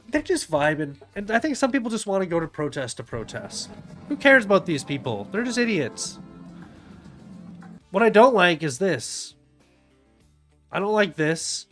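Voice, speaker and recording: A man's voice: sits high, very animated, a little slow, pauses often, fairly bright tone, soft background music. Blunt, ranting man. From Canada. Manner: blunt, profane, sneering, laughs often. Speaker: streamer reacting to videos. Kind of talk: casual rant commentary.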